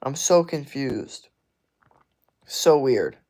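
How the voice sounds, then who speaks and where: A man's voice: medium pitch, big pitch swings, drawn-out words, dark tone. A young man from the United States reading chat on a live stream, talking casually with an exasperated, rambling manner.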